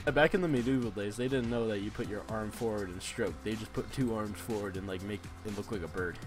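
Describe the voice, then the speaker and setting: A young man co-hosting a casual let's-play, excitable and laughing with loud bursts. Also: on the low side, brisk. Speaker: gaming channel co-host. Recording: game music behind.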